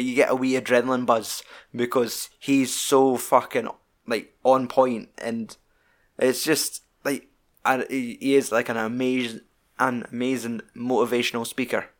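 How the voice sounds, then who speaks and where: A man in loose, sweary conversation about a film, rambling and enthusiastic. His voice sits at an ordinary middle pitch. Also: level tone, moderate pace, fairly bright tone. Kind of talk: casual film chat.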